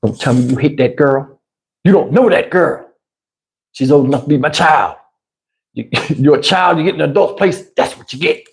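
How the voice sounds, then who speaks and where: A man's voice: on the high side, normal speed, vocal fry, long pauses, pitched below the performer's own voice. Stern lecturing older woman, voiced by a man.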